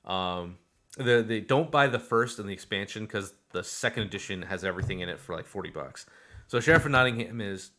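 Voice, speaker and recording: A man co-hosting a podcast, chatting casually about board games in a rambling, animated way and laughing often. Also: fairly low pitch, brisk. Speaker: podcast co-host. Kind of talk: casual board game chat.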